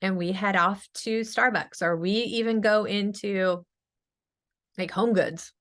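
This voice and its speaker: Woman, middle-aged, speech therapist, quick chatty webinar talk, lots of ums, video call audio. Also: medium pitch. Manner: fast, energetic, chatty with many fillers. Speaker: speech-language pathologist presenter. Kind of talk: webinar presentation.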